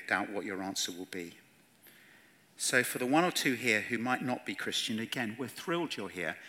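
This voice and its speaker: A man preaching an evangelistic sermon, earnest and pleading, swinging from hushed words to loud ones. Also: mid-range voice. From England. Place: church hall with audience.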